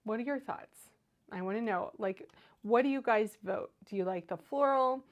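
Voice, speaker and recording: A woman's voice: a little high, moderate pace, lo-fi sound. A woman hosting a casual craft livestream, chatty and enthusiastic as she reads viewer comments aloud.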